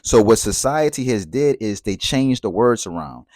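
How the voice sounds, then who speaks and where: A man's voice: fairly low pitch, big pitch swings, normal speed, darkish tone, no echo, studio quality. A man giving a reflective spoken monologue, talking conversationally, repeating phrases and asking rhetorical questions. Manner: conversational, asks rhetorical questions and checks in with "right?". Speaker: speaker on relationships and spirituality.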